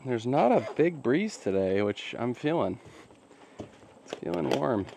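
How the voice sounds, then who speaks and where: A man's voice: medium pitch, very animated, a little slow, vocal fry, very noisy. A man chatting casually while building a deck outdoors, joking and rambling to his viewers. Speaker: DIY cabin builder.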